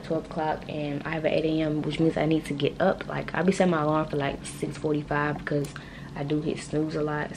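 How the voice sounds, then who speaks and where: Low-voiced chatty young woman. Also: gravelly, background noise. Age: young adult. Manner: rambling and chatty, talks straight to viewers. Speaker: college student vlogger. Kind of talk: casual vlog chat. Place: her room at home at night.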